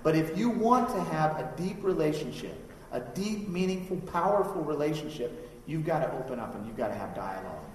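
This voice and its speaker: A man's voice: a little high, lively intonation, fairly quick, a little hiss or hum. A man in his thirties preaching a sermon in a conversational way, asking the congregation questions. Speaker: pastor. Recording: echoey hall, mic from far off.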